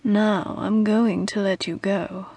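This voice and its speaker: A woman voicing a seductive, teasing man who speaks in a soft murmur. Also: sits high, unhurried, no echo.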